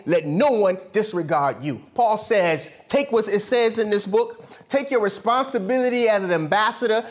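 A pastor preaching a sermon to his church, swinging from loud, high bursts down to low murmurs. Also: lively intonation, moderate pace.

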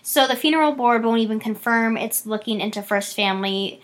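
A woman co-hosting a casual chat, reading out news stories and reacting to them. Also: a little high. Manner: chatty, fast bursts, laughs often. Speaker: podcast co-host.

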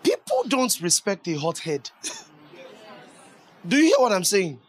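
A man preaching a sermon, lively and conversational, asking the congregation questions and laughing along with them. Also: high voice, slow pace, a little hiss or hum.

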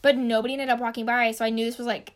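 A woman's voice: fairly high pitch, little pitch movement, rapid-fire. A young woman telling a work story in casual chat, rambling and saying "like" constantly. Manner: rambling, heavy use of "like".

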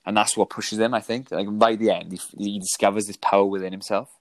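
Man, podcast co-host, low voice, dry sound, hesitant casual talk. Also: little pitch movement, fast talker, no room sound. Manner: thoughtful, hesitant, many fillers. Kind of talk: casual film review chat.

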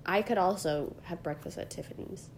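A young woman co-hosting a casual podcast, animated and playful, often slipping into mimicry. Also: on the low side, moderate pace, slight background noise. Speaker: podcast co-host.

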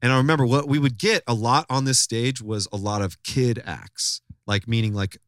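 A man hosting a podcast, telling a story in loose, animated, profane casual chat. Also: medium pitch, normal speed, no room sound, clean studio sound. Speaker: podcast host.

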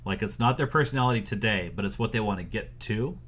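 A man's voice: lowish voice, quick pace, fairly bright tone, husky. A man hosting a casual interview, asking questions and cracking teasing jokes.

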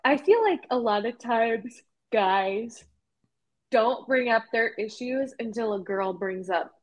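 Woman, podcast co-host, blunt and chatty, slightly high pitch. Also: lively intonation, slow. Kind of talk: casual chat.

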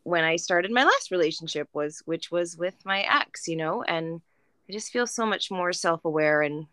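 A woman in her thirties talks candidly and thoughtfully, pausing with small fillers. Her voice is bright and smooth. The sound is dry and close. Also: fairly low pitch, lively intonation, no echo. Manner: reflective, open, hesitant with fillers. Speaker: podcast co-host. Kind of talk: casual chat.

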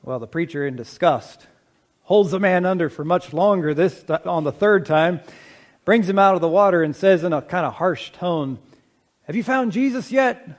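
A middle-aged pastor, his voice a little high, preaches in a calm, conversational manner. He eases his pace to underline important points and asks the congregation questions.

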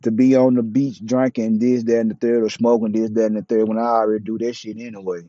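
A man's voice: fairly low pitch, flat delivery, fast, warm tone, dry recording. A man talking bluntly and profanely in a casual, opinionated monologue. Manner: blunt, profane, preachy street talk. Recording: dull, dry, lo-fi mic.

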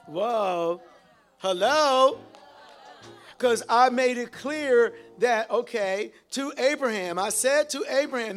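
A man's voice: very high-pitched, takes it slowly, pauses often, a bit bright, soft background music. A man preaching a sermon, reading scripture and calling out to the congregation for responses. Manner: exhorting, calls out to the congregation.

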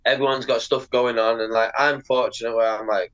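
A man talking as a guest on a casual podcast interview, animated, swearing a lot and filling his speech with "like". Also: mid-range voice, brisk, few pauses, dull audio. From Britain. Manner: animated, heavy swearing, lots of "like" fillers. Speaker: podcast guest, pro skateboarder.

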